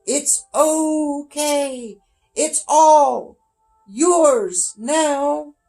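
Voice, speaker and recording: A man voicing a dying old chocolatier, raspy and soft-spoken. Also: sits high, sing-song, slow, faint music behind, exaggerated voice. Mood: serene. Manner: faint, soft-spoken farewells. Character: dying old male chocolatier, gentle and calm.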